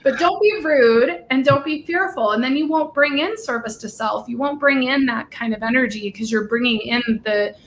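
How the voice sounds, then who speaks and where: An effusive woman hosts a relaxed live-stream conversation, her fairly high voice bubbling over with enthusiasm. She spills from one excited tangent into the next. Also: a little hiss or hum. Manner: bubbly, gushing, talks in quick tangents. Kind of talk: casual live-stream chat.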